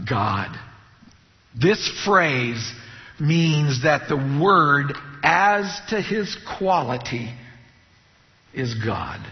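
A man preaching an expository sermon, teaching in a measured way and asking his listeners rhetorical questions. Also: medium pitch. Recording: muffled recording with long hall reverb.

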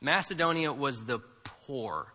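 A man's voice: medium pitch, unhurried, bright, forceful tone, big-room sound. A man preaching a sermon as pastor, talking in a conversational, emphatic way and asking rhetorical questions, recorded in a church.

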